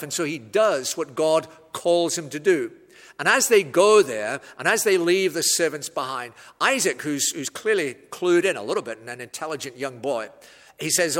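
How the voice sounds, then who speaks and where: Guy preaching, slightly high voice, measured with dry little asides, big echoey hall. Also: fairly bright tone. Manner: measured, explanatory, with wry asides. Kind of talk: expository sermon.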